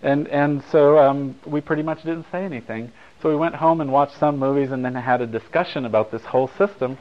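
A man's voice: mid-range voice, steady tone, a little fast. A man speaks to an audience in a casual, wry storytelling manner, often wandering off into side remarks. His voice sits in a middle range, and the recording sounds slightly dull. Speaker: speaker at a talk.

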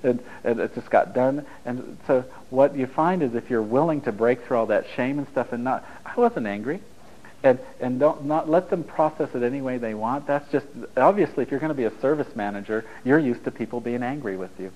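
A man's voice: medium pitch, fairly quick, darkish tone, muffled recording. A man giving a blunt, storytelling talk to a live audience, acting out dialogue as he goes, over a radio broadcast. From United States. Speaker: relationship speaker.

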